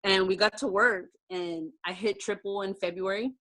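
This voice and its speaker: Speaking at a moderate pace with fairly even intonation, this woman has a mid-range voice and a sharp tone. She leads a direct-sales team and tells her own success story on a video call, warmly and conversationally, filling it with plenty of fillers.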